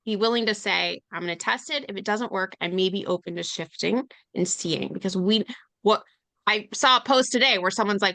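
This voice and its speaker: A woman speaking as a panelist on a sales webinar, chatty and animated, acting out the voices of people she quotes. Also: medium pitch, normal speed, no echo. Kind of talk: casual webinar talk.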